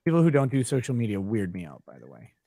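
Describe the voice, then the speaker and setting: A man's voice: medium pitch, very animated, fast talker, mellow, no echo, studio quality. A man hosting a casual livestream, joking with guests and grumbling at his computer. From Minnesota. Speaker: livestream host.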